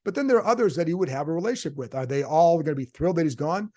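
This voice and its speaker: A man's voice: fairly high pitch, lively intonation, racing, a little mellow. A man, a sports reporter hosting his own show, talking through his views in casual solo commentary and answering his own rhetorical questions. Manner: conversational, thinks aloud with rhetorical questions. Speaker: sports reporter and podcast host.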